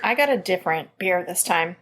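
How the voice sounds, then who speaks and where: A woman's voice: fairly low pitch, lively intonation, a little fast, a bit bright. A woman co-hosting a podcast in casual chat, giggly and chatty, reading out listener stories. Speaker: podcast co-host.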